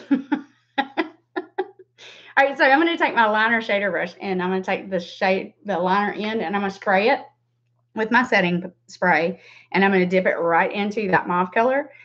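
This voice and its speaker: A woman from the Southern United States, in her forties, hosts a casual makeup tutorial livestream at a normal speed, pausing often, her medium-pitched voice a bit bright. The makeup vlogger chats with viewers by name and laughs a lot; the audio is dull and lo-fi.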